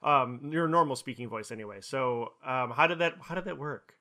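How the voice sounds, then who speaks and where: An interviewer keeps the chat going with curious, encouraging questions. The voice is bright and forward, in a middle pitch. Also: moderate pace.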